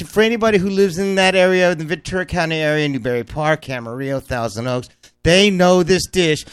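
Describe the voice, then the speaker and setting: A man's voice: high-pitched, fairly bright tone, clear, resonant tone, no room sound. A middle-aged man from Southern California hosting a speed cooking show, rambling and brash with lots of fillers. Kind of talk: fast casual cooking talk.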